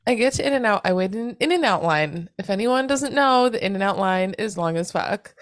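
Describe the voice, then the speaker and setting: A woman co-hosting a casual podcast, launching into an animated, profanity-laced story. Her voice sits mid-range and is recorded dry and close with no room sound. She switches into little quoted voices for the people in her tale. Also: mid-range voice, moderate pace, no room sound. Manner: acts out others' lines in quoted voices. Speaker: podcast co-host. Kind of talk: casual chat.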